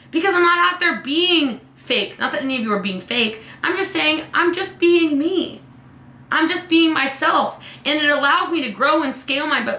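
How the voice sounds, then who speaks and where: Woman, live coaching host, high and bright, sassy and chatty, roomy sound. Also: expressive, brisk. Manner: chatty, playful, sassy, peppered with "like" and "okay?". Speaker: business coach. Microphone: webcam.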